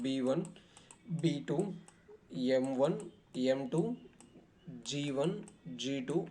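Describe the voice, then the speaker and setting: A man's voice: fairly high pitch, darkish tone. A man going through exam questions in a lecture, with many fillers and frequent self-corrections. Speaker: exam tutor.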